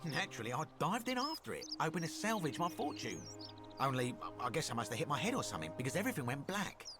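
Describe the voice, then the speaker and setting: An actor playing a greedy, scheming Roman merchant in a video game, telling tales with sly boastfulness. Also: male voice, fairly high pitch, very animated, fast. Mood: boastful. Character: greedy scheming male Roman merchant, smooth con man. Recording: game audio with music behind.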